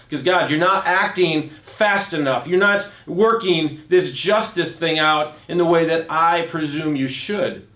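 A man's voice: a little high, a little slow, fairly bright tone. Man preaching in an echoey room. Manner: reads scripture and comments, rising on rhetorical questions; frequent restarts while explaining. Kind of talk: sermon with scripture reading.

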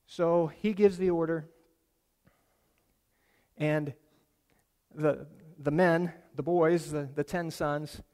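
A man preaching a sermon, retelling a story in a casual, animated way with asides to his listeners. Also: on the high side, slow, pauses often, in a large hall. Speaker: pastor.

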